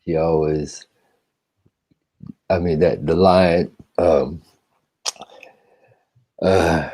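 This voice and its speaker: An older man from the United States, a guest musician chatting casually, relaxed and quick to laugh. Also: very deep voice. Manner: relaxed, laughs easily, calls people "man". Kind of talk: casual conversation.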